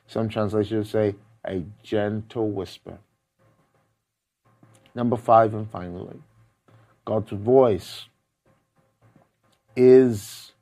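A man preaching a sermon, counting off numbered points, quoting scripture and swinging between loud, emphatic lines and hushed ones. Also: fairly low pitch.

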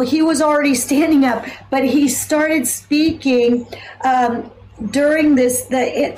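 Slow, high-voiced woman giving testimony. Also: a little mellow, slight background noise, rough recording. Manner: earnest, emphatic storytelling with repeated phrases. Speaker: missionary. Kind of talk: personal testimony.

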